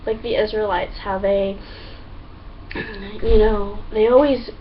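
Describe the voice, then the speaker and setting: A young woman talking to camera in a casual, excitable, chatty way, full of fillers and acted-out quotes. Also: mid-range voice, slow, far from the mic. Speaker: vlogger. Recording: dull lo-fi sound, a bit off-mic, faint hum.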